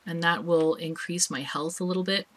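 A woman's voice: on the low side, fairly even intonation, moderate pace, a bit bright, slight background noise. A woman hosting a let's play, chatting casually and thinking aloud as she plays, with small laughs. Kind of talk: casual gameplay commentary.

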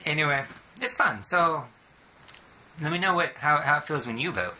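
A young American man chats to his viewers in a playful, joking vlog. His voice is very bright and forceful. A faint hiss of noise sits behind him. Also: on the high side, animated, moderate pace. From United States. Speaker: vlogger. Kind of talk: casual vlog monologue.

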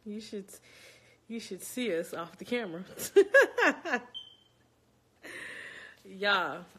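Brief: young woman, chatty and jittery, bright voice, slow delivery. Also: medium pitch, very animated, breathy edge. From Louisiana. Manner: nervous, chatty, talks straight to viewers. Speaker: interviewer. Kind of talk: casual chat. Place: home, indoors.

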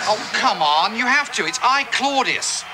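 An actor with a British accent playing a dry, sardonic gentleman ghost in a 1980s sitcom, full of theatrical put-downs. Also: sits high, expressive, unhurried, crowd noise, poor audio. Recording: hissy old VHS TV broadcast.

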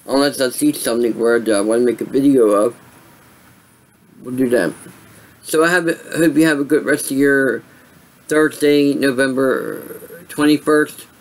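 A man's voice: mid-range voice, low-quality recording. Tired rambling man vlogging. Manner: rambling, many fillers and restarts. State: tired, yawning. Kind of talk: casual storytelling monologue.

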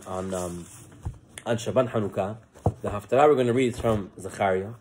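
A rabbi giving a relaxed, conversational sermon and telling a joke story, with joking asides. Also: male voice, mid-range voice.

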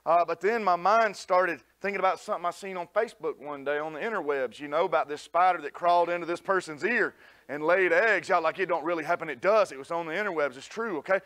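High-voiced animated preacher telling a story. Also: male voice, fast. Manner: animated, folksy storyteller addressing the congregation. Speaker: pastor. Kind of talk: sermon with comic storytelling. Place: church sanctuary.

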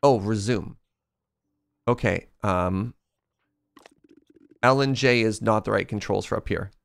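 A man streaming a video game live, with playful, excitable commentary. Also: on the low side, slow pace, gravelly.

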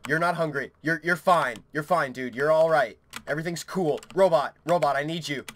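A man's voice: a little high, fairly even intonation, a little fast, fairly bright tone, slight background noise. A young man narrating a horror game as he plays, panicky, swearing and rambling to himself, with his keyboard clicking faintly at a desk mic. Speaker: gaming YouTuber. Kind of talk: horror game let's play commentary.

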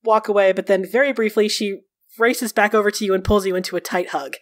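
A woman's voice: mid-range voice, fairly even intonation, fast. A woman running a tabletop role-playing game as game master, narrating expressively in a casual storytelling way.

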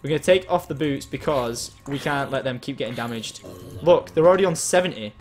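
A man giving excitable live gameplay commentary as a game streamer, chatting with and thanking his viewers. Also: medium pitch, brisk, faint music behind.

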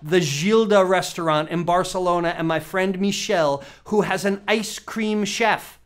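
This cooking instructor has a high voice and keeps a measured pace. He teaches in a relaxed, chatty manner straight to camera, throwing questions at the viewer and laughing frequently.

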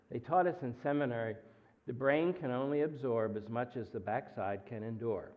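A man preaching a guest sermon in a church, animated and full of jokes and asides as he tells stories. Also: mid-range voice, normal speed. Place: church sanctuary. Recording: phone-like narrow sound.

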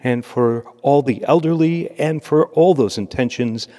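A man as a priest, reading scripture and preaching a homily in a measured, steady cadence. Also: mid-range voice. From United States. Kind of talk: liturgy and homily. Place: church. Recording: long church reverb.

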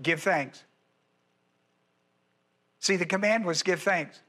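A man's voice: sits high, slow, sharp tone. A male pastor preaching an expository sermon, emphatic and repeating his key words.

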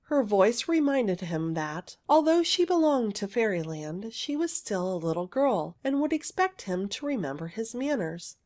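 Expressive woman reading a fairy tale. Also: mid-range voice, moderate pace, hardly any pauses. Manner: expressive, gentle storytelling. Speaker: storyteller.

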